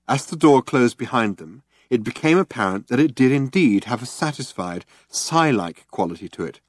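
A man narrating an audiobook with a measured, deadpan delivery. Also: mid-range voice, no echo, studio quality.

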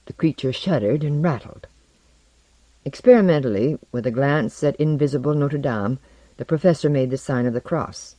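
A storyteller reading a fantasy tale aloud with measured, wry narration. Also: mid-range voice, warm tone, no room sound.

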